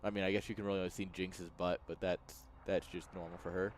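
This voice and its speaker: A man's voice: low-pitched, flat delivery, quick pace, a little hiss or hum. A man casting a strategy game live for his stream, chatty, laughing often and talking straight to his chat. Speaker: esports caster and streamer. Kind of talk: live game commentary mixed with chat to viewers. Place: home streaming room with a webcam.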